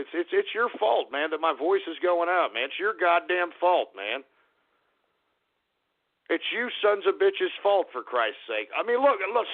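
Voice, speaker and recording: Hoarse, ranting radio host. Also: male voice, high voice. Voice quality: strained, fading voice. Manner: loud, profane and exasperated. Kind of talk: ranting call-in radio talk. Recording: phone-like lo-fi radio audio.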